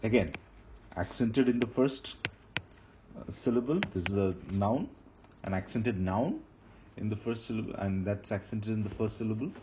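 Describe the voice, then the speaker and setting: A man with a lowish voice teaches Hebrew grammar while writing on a board, speaking at a moderate pace with frequent pauses. He patiently repeats key terms and restarts phrases as he explains. The recording is dull and lo-fi, with faint noise.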